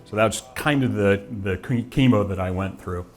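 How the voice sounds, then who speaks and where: A man's voice: on the low side, moderate pace. A man in his forties giving an earnest, reflective personal testimony, with frequent restarts. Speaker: guest telling his story.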